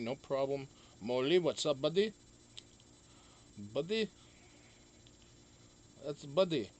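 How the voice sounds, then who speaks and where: A man's voice: high-pitched, dry recording. A man hosting a casual live stream, chatting loosely, greeting viewers one by one and swearing freely.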